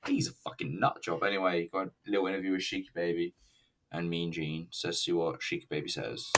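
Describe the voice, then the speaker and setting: A man with a slightly low voice gives casual commentary while he watches and reviews a recorded show. He rambles, swears freely and keeps a sarcastic edge. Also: fairly even intonation, a little fast, a bit bright, slight background noise. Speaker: wrestling reviewer.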